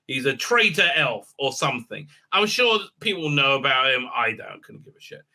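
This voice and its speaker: A man's voice: mid-range voice, sing-song, moderate pace, bright, forceful tone. A man giving a casual, sarcastic episode recap and review, rambling with many filler words. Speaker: TV series reviewer.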